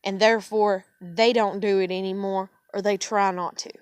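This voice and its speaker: A woman's voice: mid-range voice, steady tone, normal speed, clear, resonant tone, no echo. A woman venting at length in a casual video monologue, angry and swearing freely. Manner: angry, profane ranting. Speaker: vlogger. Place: living room at home.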